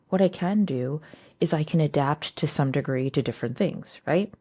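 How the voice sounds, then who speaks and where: A woman with a strikingly deep voice talks to her viewers in a chatty, reflective way. Her tone is mellow and warm, and the recording is close and dry with no room sound. She keeps asking her audience rhetorical questions. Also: moderate pace, dry recording. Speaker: host. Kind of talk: casual personal talk to camera.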